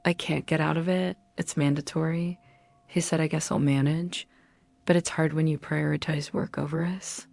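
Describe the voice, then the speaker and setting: Low gravelly woman narrating quietly. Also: steady tone, moderate pace. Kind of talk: first-person confessional narration.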